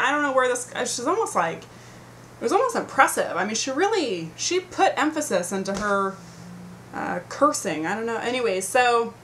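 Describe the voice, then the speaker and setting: High-voiced woman ranting, rambling and profane. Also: pushed and bright, a little hiss or hum. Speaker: vlogger. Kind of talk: casual storytelling rant to camera. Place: at home by her computer. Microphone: computer webcam mic.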